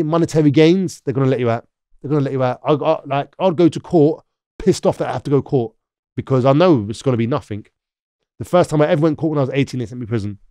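Speaking with a London accent, a man from London, England, appears as a podcast guest in a casual storytelling interview. His voice sits on the high side and is mellow, captured in studio quality without echo, as he rambles through stories full of "like" and "yeah?"

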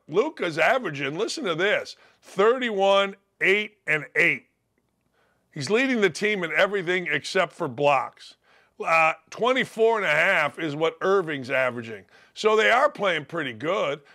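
Gravelly, combative older sports host. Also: male voice, on the high side. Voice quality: gravelly, worn from yelling. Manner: blunt, combative, sarcastic. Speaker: sports talk show host. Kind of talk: opinionated sports radio rant.

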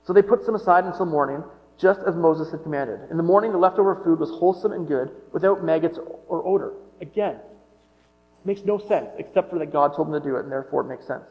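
A man with a slightly high voice preaches a sermon, reading scripture and breaking into casual, joking asides. His voice rings out with a long hall reverb. The sound is a bit muffled, with a mains hum underneath. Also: fast. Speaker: pastor.

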